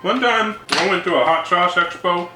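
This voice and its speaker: A man with a high-sitting voice talks at normal speed while hosting a laid-back, jokey cooking vlog, rambling as he cooks. The recording sounds roomy, with background music.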